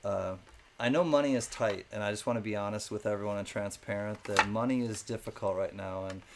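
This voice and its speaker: A man's voice: on the low side, a little fast, a little hiss or hum. A man hosting a live-stream coin auction in a chatty, casual way, thanking viewers by name between calls.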